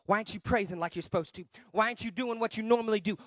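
A man preaching a guest sermon with emphasis, swinging between shouting and quiet asides. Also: high voice, expressive, quick pace, dry recording.

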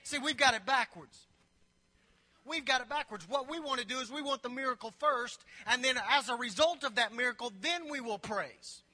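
Bright, high-voiced preaching man. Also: moderate pace. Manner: preacherly, repetitive build-ups, playful asides. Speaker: pastor. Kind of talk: sermon. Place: church sanctuary. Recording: long reverb of a large hall.

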